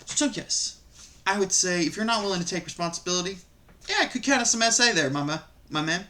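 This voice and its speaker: A man hosting a reaction video, ranting casually and profanely about online stories in a rambling, animated way. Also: sits high, brisk.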